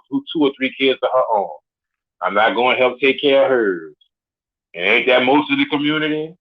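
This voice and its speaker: A man of forty, a caller on a live show, ranting bluntly and with swagger, swearing constantly. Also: medium pitch. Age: 40s. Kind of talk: profane rant. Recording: tinny phone line.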